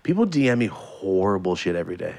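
Animated young man telling a story. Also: low voice, fast, creaky, a crowd in the background. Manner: animated, swears freely, acts out quoted voices. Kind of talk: casual storytelling chat.

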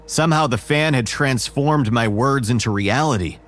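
A man narrating a first-person horror story in a measured, wary tone. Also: mid-range voice, soft background music.

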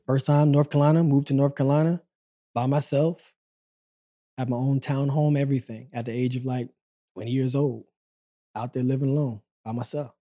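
A man in his forties tells his own story on a podcast in an easygoing, conversational way. His voice is mellow and warm, sitting at an ordinary middle pitch. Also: brisk, long pauses. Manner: relaxed, conversational, acts out quoted dialogue.

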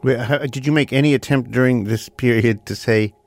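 A man's voice: mid-range voice, a little fast, no room sound. A man co-hosting a radio show who asks wry, probing questions. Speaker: radio co-host. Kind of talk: public radio conversation.

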